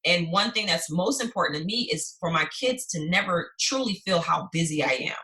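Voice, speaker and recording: A woman in her thirties, a podcast guest, talking in an animated, driven way about her busy schedule. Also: on the low side, moderate pace. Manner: animated, driven, talks in long lists. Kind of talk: casual chat.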